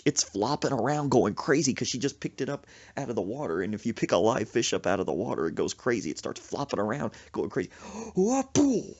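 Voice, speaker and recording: A man telling a comic story on a podcast, acting out sound effects as he goes. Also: medium pitch. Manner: animated, acts out sound effects. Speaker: podcast host. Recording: dull lo-fi recording.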